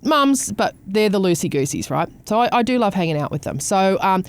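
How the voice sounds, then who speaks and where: A woman's voice: medium pitch, expressive, brisk, clean tone. A woman with an Australian accent, hosting a casual chat and talking bluntly, swearing and mimicking people as she tells stories. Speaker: podcast host.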